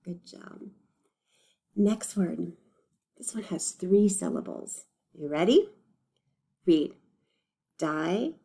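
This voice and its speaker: A woman teacher leads young children through a reading lesson at an unhurried pace. Her voice is mellow and soft-edged, and she speaks patiently and encouragingly, sounding out each word carefully. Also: fairly low pitch, lively intonation, gravelly, slightly rough. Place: recorded lesson video.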